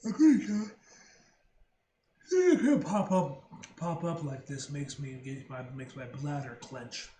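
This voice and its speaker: A man's voice: on the high side, expressive, takes it slowly, pauses often, warm tone. A man giving casual comic commentary as a reaction video host, rambling with joking asides and frequent self-corrections. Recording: roomy room, faint noise.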